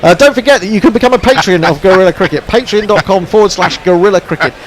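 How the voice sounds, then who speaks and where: A man doing relaxed ball-by-ball cricket commentary on an internet radio stream, chatty and dry, with plenty of fillers. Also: sits high, fast talker. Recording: faint background noise.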